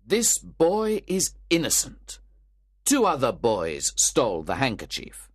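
A man reading as an honest bookshop worker who speaks up for a boy. His voice is firm and insistent, slow and lively in pitch. The sound is dry and close. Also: slightly rough, dry recording, full character voice. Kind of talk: storybook read-aloud.

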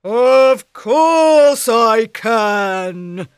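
A woman voicing a big, ugly male ogre in a storybook, slow and threatening. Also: lively intonation, clear, resonant tone, dry recording, studio quality. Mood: menacing. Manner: slow, booming, menacing. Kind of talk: storybook reading.

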